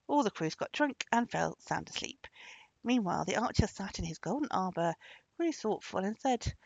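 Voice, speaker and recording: A woman narrating a storybook as a storyteller, with expressive, lively intonation, on a dull lo-fi recording. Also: medium pitch, brisk, vocal fry, dry recording.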